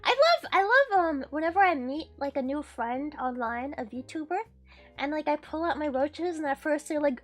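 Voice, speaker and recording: Over faint background music, a woman with a high, animated voice streams a game at normal speed. She chats casually, swears freely, and laughs often.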